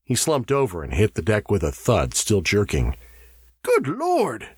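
A man reading a story aloud in a measured, expressive way. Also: fairly low pitch, breathy edge, dry recording, clean studio sound. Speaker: narrator. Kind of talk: audiobook narration.

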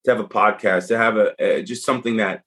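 A middle-aged man guesting on a podcast tells stories quickly in a lowish, slightly rough voice. His style is relaxed and lively, and he voices other people's dialogue as he recounts it.

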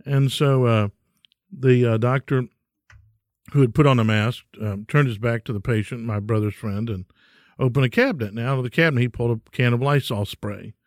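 A man's voice: medium pitch, normal speed, no room sound. Folksy man, dry close mic. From Texas. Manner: folksy, rambling with frequent ums. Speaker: podcast host. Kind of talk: casual solo podcast storytelling.

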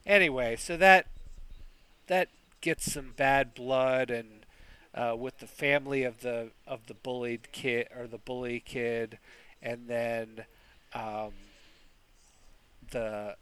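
A man with a bright, forceful voice who talks slowly as he recaps a film plot. He rambles and restarts his sentences often, in a casual podcast manner. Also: medium pitch, steady tone, smooth, dry recording. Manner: slow, rambling, many restarts. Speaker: podcast co-host.

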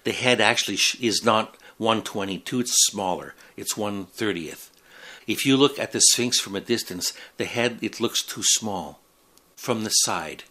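Lower-pitched man explaining plainly. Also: measured pace, bright, forceful tone. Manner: precise, matter-of-fact explaining. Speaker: podcast co-host. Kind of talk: casual explanation.

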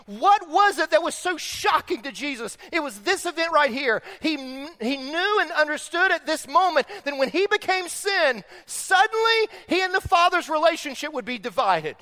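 A middle-aged male pastor preaching a sermon, rising to loud impassioned peaks and dropping to hushed, intimate speech. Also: extremely high pitch, sing-song, normal speed, few pauses, long reverb tail.

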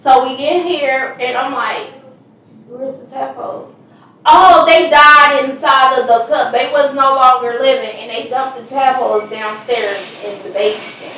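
A mother from Kansas City telling lively family stories with a Missouri accent, acting out voices and laughing often. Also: high-pitched, moderate pace, few pauses, far from the mic, a little hiss or hum. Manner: animated storyteller who acts out quotes and laughs often. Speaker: mother of the victim. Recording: echoey room, voice from afar.

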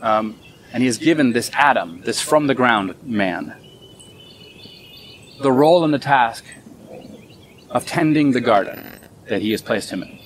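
A man giving a relaxed, conversational sermon outdoors in a small garden, thinking aloud as he teaches. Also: mid-range voice, a little slow, pauses often, a little hiss or hum. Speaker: pastor.

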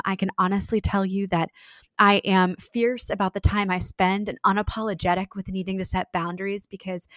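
A woman's voice: medium pitch, a bit bright, dry recording. Sincere thirties woman guest, reflective, lots of "um, you know", dry room. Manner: earnest, reflective, many fillers. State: briefly tearful. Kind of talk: heartfelt podcast conversation.

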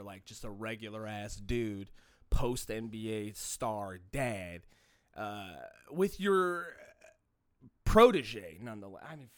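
A man's voice: mid-range voice, fairly bright tone, no room sound, studio quality. A man hosting a solo podcast, talking in a profane, rambling rant with frequent restarts. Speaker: podcast host.

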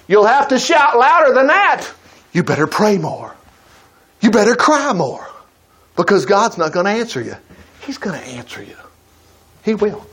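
A man preaching a sermon in an emphatic, conversational way. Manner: emphatic, conversational preaching with sudden pitch jumps.

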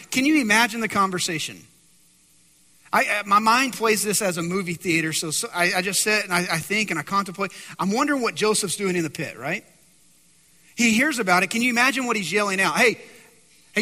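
A man preaching a sermon, telling a story with animated delivery and acting out the characters' voices. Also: high voice, in a large hall. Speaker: pastor.

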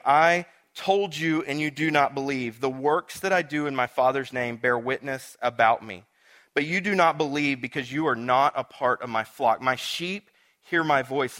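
Male pastor, casual sermon delivery, bright forward tone, swings between loud and hushed. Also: mid-range voice.

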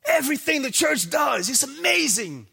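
A man from the United States preaching a sermon in church with impassioned shouting and rhetorical questions. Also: very high voice, sing-song, normal speed, vocal fry. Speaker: pastor. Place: church before a congregation.

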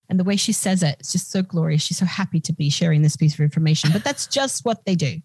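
A woman's voice: on the low side, fast, few pauses, darkish tone, husky, dry recording. A woman podcast co-host chatting casually and irreverently, explaining with jokes. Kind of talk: casual chat.

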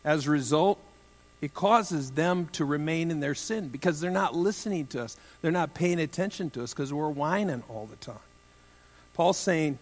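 A man's voice: on the high side, lively intonation, moderate pace, in a large hall. A pastor preaching a sermon in a conversational, humorous way, with joking asides to his listeners.

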